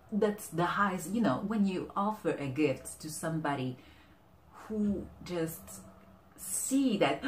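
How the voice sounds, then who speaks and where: A woman with a low, very lively voice speaks slowly and with many restarts, sharing relationship advice in a casual vlog. The recording has a roomy echo with faint noise behind her. She talks animatedly to the camera. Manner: animated, often acting out quoted exchanges; halting, with frequent restarts. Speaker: vlogger giving relationship advice.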